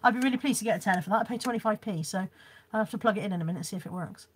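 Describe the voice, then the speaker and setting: A woman's voice: medium pitch, very fast, slightly rough. A woman chatting casually on a live stream as she shows off a car boot haul and reads out viewers' comments, laughing often.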